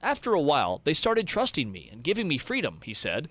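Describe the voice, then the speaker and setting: A man giving scripted narration of movie trivia in a brisk, reading style. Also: a little high, huge pitch swings, a bit bright.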